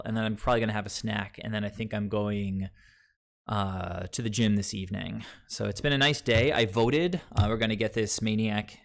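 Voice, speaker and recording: A man's voice: lowish voice, vocal fry. A man from Long Island, New York, chatting casually with his live viewers as a streamer, rambling and filling gaps with um and like. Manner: rambling, heavy on fillers like um and like.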